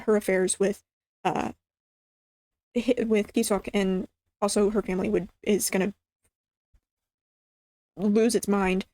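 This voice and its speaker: A woman with a fairly high voice rants excitedly as she recaps a drama, rambling and restarting her sentences. The sound is dry and close, with no room around her. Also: no room sound. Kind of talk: casual ranting recap. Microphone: studio mic.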